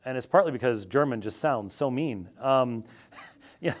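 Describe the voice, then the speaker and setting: An American man, a theologian guest in an interview, talking in a wry, animated and digressive way. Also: medium pitch, normal speed. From United States. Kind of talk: conversational interview answer.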